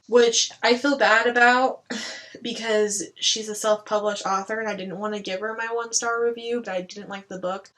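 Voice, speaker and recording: A woman's voice: a little high, a bit bright, poor audio. A woman chatting casually through a book review, blunt and chatty, swearing now and then and saying "like" a lot.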